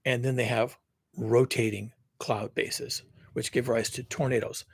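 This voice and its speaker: A man's voice: medium pitch, level tone, a little slow, vocal fry, breathy edge, no echo. A man hosting a live-streamed solo talk, explaining earnestly in long lists and restarts at a computer mic. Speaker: climate commentary host.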